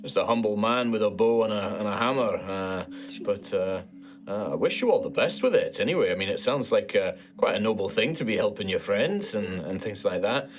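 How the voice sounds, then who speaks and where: A man's voice: fairly low pitch, animated, fairly quick, close to an everyday voice. A man doing a hearty Scottish dwarf knight. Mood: friendly. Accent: put-on Scottish. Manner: hearty, folksy, rambling with "aye" and "wee". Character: male dwarven knight, friendly patrolling guard.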